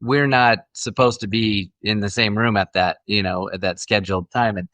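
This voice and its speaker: A man's voice: fairly low pitch, fairly even intonation, normal speed, fairly bright tone, dry recording. A middle-aged man, an actor guest, telling stories in a friendly, casual interview chat with frequent restarts.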